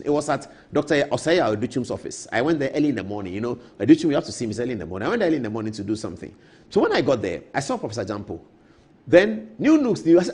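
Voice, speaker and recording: Fast, lively Ghanaian man on TV. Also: fairly high pitch, slightly rough. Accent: Ghanaian English. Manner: emphatic, repeats key points, storytelling asides. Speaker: political commentator. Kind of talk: animated TV political commentary. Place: TV studio.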